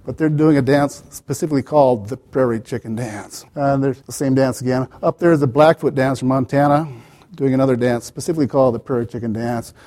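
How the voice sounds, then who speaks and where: A man's voice: medium pitch, steady tone, brisk, warm tone. A man giving an academic lecture as the author, digressive, with wry asides and many "you know" fillers.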